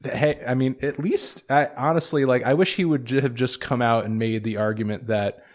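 A man's voice: mid-range voice, steady tone, normal speed, a little hiss or hum. A man hosting a podcast interview in casual chat, hesitant, with many fillers and restarts. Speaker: podcast host.

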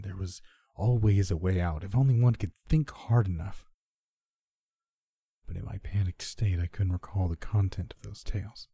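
A man narrates a horror story in a low, husky voice, keeping it measured and subdued. His tone is dark and mellow, and the sound is close and dry. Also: no echo. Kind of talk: scripted first-person horror narration.

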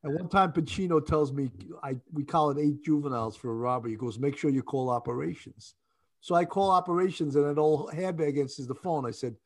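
Slightly high-voiced retired sergeant. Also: male voice, lively intonation, quick pace. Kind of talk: casual chat.

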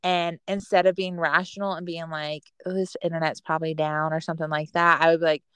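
A woman, co-hosting a casual chat, candid and chatty and quick to laugh at herself. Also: deep voice, little pitch movement, a bit bright, clean tone, no echo. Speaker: podcast co-host, military spouse.

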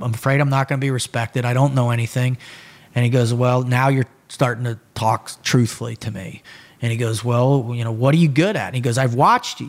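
A middle-aged man telling a long personal story in casual conversation, swearing freely and acting out quoted lines from others. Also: mid-range voice. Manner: profane, animated storytelling with quoted voices. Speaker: podcast guest.

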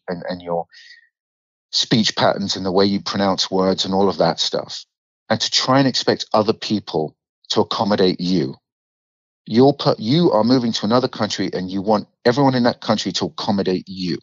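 A man's voice: lowish voice, dry recording, highs cut off. A man from England with a London accent, a guest actor telling stories in a casual podcast interview, swearing freely and acting out quotes. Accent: London English. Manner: animated storyteller, swears freely, acts out quotes.

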